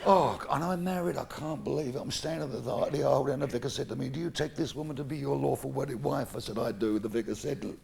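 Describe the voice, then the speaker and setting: A middle-aged stand-up comedian with a London Cockney accent performs live on stage in a noisy recording, his mid-range, creaky voice moving quickly with hardly any pauses. He's brash and crude, swears freely, and acts out both sides of his stories.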